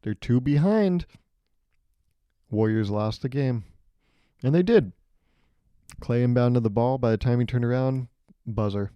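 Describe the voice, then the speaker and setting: A man's voice: mid-range voice, measured pace, long pauses, smooth, dry recording, lo-fi sound. A young man hosting a solo podcast, telling rambling stories with a sarcastic edge. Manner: rambling and sarcastic, acts out loud voices. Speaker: podcast host. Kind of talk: solo comedic storytelling.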